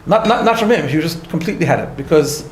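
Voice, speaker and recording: High-pitched guy, rabbi telling a story at a class, chatty and laughing at himself, echoey room. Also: quick pace, slight background noise. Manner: animated storytelling, laughing at his own asides, frequent restarts. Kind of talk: conversational lecture with a story.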